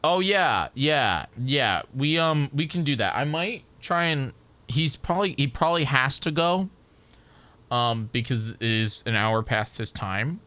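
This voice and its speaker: Male streamer, loose rambling talk full of restarts, bright and crisp. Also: mid-range voice, expressive, measured pace. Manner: rambling, stacks repeated restarts. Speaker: game streamer. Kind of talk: casual live-stream chat.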